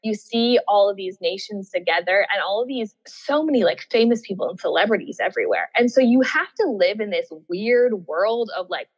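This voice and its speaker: Animated woman telling a story, reverby sound. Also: medium pitch, fairly quick, hardly any pauses. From Australia. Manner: animated, laughs often, acts out her past thoughts. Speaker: guest, former Olympian. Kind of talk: casual storytelling interview. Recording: dull, muffled audio with long reverb.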